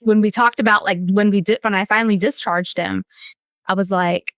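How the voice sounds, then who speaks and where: A woman therapist on a casual podcast chat, telling warm stories about her clients. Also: medium pitch, steady tone, moderate pace, dry recording, studio quality. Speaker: therapist and co-host.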